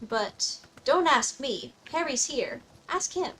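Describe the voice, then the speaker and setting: A young woman is livestreaming a game and chatting away in a high, bubbly voice. She keeps things playful, giggling often and slipping into mock-formal phrases. A faint hiss sits under her talk. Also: big pitch swings, takes it slowly, sharp tone, rough recording. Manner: playful, giggly, rambling, mock-old-fashioned asides. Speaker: streamer. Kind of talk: casual gameplay commentary.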